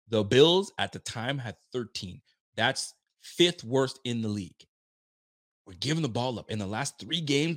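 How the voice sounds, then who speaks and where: A young man hosting a live sports stream, ranting with frustration and swearing freely, sometimes acting out players' voices. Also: medium pitch. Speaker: livestream host. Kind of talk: animated live sports rant.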